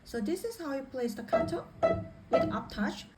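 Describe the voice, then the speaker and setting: In this spoken lesson, a woman with a high voice and big pitch swings explains piano technique at an ordinary pace, patiently restating every point in new words. Faint piano music plays behind her, and the recording quality is low.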